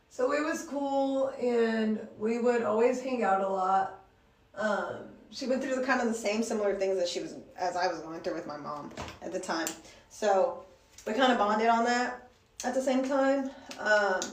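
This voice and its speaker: A young woman telling a casual storytime in a laid-back way, laughing between phrases. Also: a little high. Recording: roomy, from a distance.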